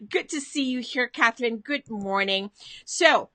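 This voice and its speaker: A woman hosts a motivational live stream from her home in a bright, forceful voice pitched a little high. She chats in a loose, friendly way, greeting viewers by name and reading their comments aloud. The sound is dry and close. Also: lively intonation, unhurried, no room sound.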